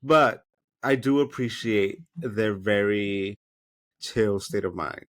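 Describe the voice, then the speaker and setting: A man co-hosting a podcast, reacting expressively and chattily to a reality TV episode. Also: on the low side. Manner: expressive, chatty, quick asides. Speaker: podcast co-host. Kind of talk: casual TV recap chat.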